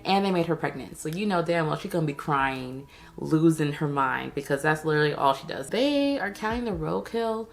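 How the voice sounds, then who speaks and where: A woman's voice: mid-range voice, gravelly. A woman giving a casual, sarcastic recap of a TV episode, chatty and full of slang. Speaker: TV recap vlogger.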